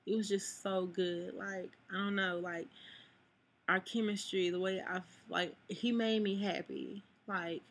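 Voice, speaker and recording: A woman's voice: medium pitch, flat delivery, a little slow. A young woman talking to her camera in a personal vlog, rambling and full of "like", close to tears at times. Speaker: vlogger. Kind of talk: emotional personal vlog talk. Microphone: camera mic.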